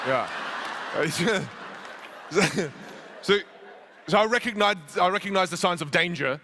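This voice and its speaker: Male keynote speaker, thirties, comic storyteller, bright forceful voice, a bit high for a man. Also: a faint crowd, slight background noise. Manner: animated, self-mocking, with quick restarts. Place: conference stage.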